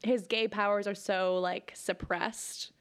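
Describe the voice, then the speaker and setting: A woman guest on a podcast, giving a wry, deadpan bit of casual chat. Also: mid-range voice, takes it slowly, background noise.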